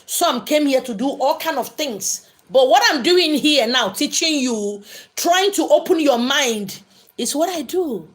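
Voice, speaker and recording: A woman's voice: high-pitched, animated, unhurried. A woman hosting a spiritual livestream and answering viewer questions, talking emphatically and repeating phrases to drive her points home. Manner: emphatic, preachy, repeats lines for stress. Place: indoors, live streaming.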